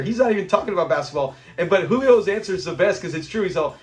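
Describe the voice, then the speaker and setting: A man's voice: sits high, animated, fast talker, faint music behind. A man hosting a casual episode recap, retelling scenes with animation and acting out the characters' lines. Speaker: show recap host.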